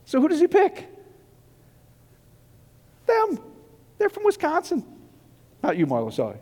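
Guy giving a loose jokey sermon, high voice, rambling and giddy, big hall echo. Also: normal speed, long pauses. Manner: rambling, excitable, long-winded. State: short on sleep, giddy. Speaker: preacher. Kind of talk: casual joking sermon. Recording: long reverb of a large hall.

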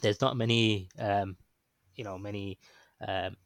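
Low-voiced man telling a story. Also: fairly even intonation, unhurried, no room sound. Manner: rambling, hesitant with frequent ums and restarts. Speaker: guest recounting his experience. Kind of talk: casual storytelling.

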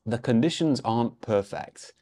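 A man's voice: mid-range voice, normal speed, voice pushed up, natural voice. A man voicing a laid-back, upbeat tour driver in his mid-thirties, without an accent. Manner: relaxed, upbeat.

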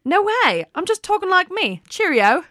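A woman's voice: medium pitch, animated, normal speed, bright, forceful tone, smooth, dry recording, clean studio sound. A woman playing a chirpy gossip reporter in a comedy sketch who slips into a fake British accent.

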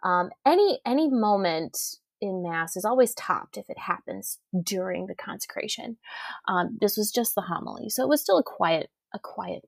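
A woman hosting a solo podcast, talking casually and chattily, laughing and quoting herself in lively asides. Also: mid-range voice, moderate pace, creaky, dry recording, clean studio sound. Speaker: podcast host.

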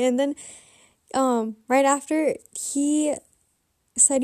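A woman's voice: sits high, fairly even intonation, takes it slowly, long pauses, darkish tone, no room sound, studio quality. A young adult woman telling a candid, rambling personal story in a casual confessional vlog. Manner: candid, rambling, self-reflective. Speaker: vlogger.

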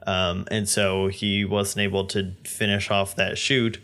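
Guy from texas, lowish voice, bright tone, chatty podcast co-host telling stories. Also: flat delivery, unhurried. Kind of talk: casual film discussion.

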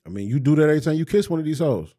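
A man's voice: on the high side, expressive, rapid-fire, warm tone. A man co-hosting a podcast, trading crude, boastful banter full of slang in casual chat. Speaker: podcast co-host.

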